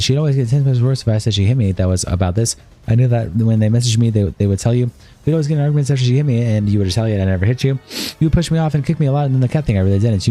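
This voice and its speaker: A male streamer reading a long exchange of text messages aloud in a rapid, flat delivery. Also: on the low side.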